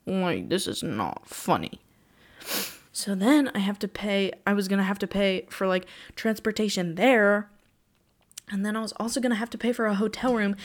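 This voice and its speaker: Teen girl, podcast host, excitable solo chatter with quick gasps and exclamations. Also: mid-range voice. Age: teens. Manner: gushing, breathless, exclamations. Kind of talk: casual solo chat.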